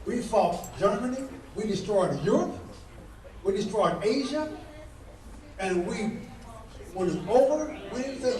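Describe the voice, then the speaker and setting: High-pitched guy preaching politics at a banquet, repeats his questions over and over, far off the mic in a boomy hall. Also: lively intonation, moderate pace, a little mellow. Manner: emphatic, repetitive rhetorical questions, preacher-like cadence. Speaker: guest speaker at a political dinner. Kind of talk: fiery political speech.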